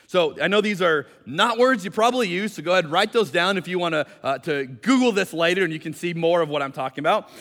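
Man, pastor, sermon, conversational teaching, light humor, high-pitched, long church reverb. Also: fast talker, hardly any pauses, fairly bright tone. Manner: conversational, explanatory, lightly joking. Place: church sanctuary.

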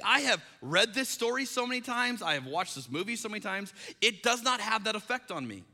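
A man in his thirties, a pastor, preaching a sermon and telling a story with animated, acted-out dialogue. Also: sits high. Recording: long hall reverb.

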